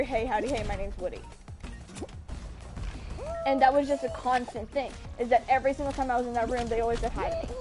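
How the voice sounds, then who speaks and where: A young woman streamer talks in a high, light voice, chatting casually to her viewers. She rambles earnestly and keeps breaking off mid-sentence to restart. Her delivery stays loose and unscripted throughout. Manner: rambling, self-interrupting, earnest. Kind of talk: casual storytelling on a live stream.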